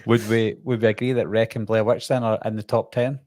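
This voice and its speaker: Brief: relaxed Welsh male co-host, dry close sound, running the chat. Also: on the low side, fairly quick, no echo. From Wales. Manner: easygoing, reads viewer comments aloud. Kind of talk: casual podcast chat.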